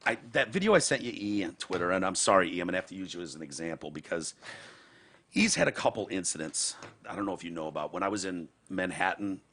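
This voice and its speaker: A man hosting a podcast, telling a profane story with lots of swing in his voice. His tone is gravelly and husky, with a bright, forward edge. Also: low voice, animated, fast talker. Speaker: podcast host. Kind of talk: casual chat, storytelling.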